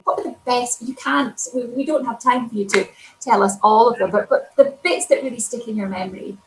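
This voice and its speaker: A woman's voice: a little high, fairly quick, low-quality recording. A woman hosting a live broadcast interview, encouraging her guest with prompting questions. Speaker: host.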